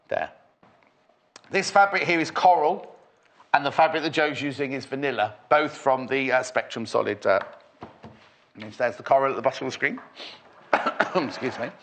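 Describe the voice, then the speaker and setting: A man's voice: mid-range voice, fairly bright tone, a little hiss or hum. A man from Northwest England hosting a live sewing shopping show, chatty and teasing as he reads out viewer messages. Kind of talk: live studio chat.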